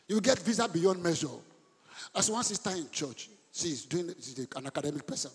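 A man preaching a passionate sermon as a pastor in church, building from quiet storytelling up to shouts. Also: a little high, expressive, normal speed, breathy edge, big-room sound. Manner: impassioned preaching, rising to shouts.

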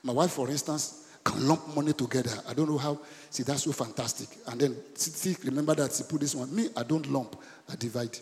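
A middle-aged man, preaching a sermon in animated bursts and asking the congregation questions. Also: brisk. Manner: animated preaching with sudden high bursts and call-and-response questions. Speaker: pastor. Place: church hall. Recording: church hall with long reverb.

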